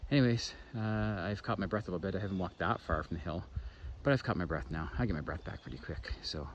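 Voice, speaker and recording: Walking a lakeside trail with a handheld camera, this Canadian man talks fast in a low voice, chatting and rambling about everything he passes. He's a hiking vlogger, and the lo-fi outdoor audio sounds dull under heavy background noise.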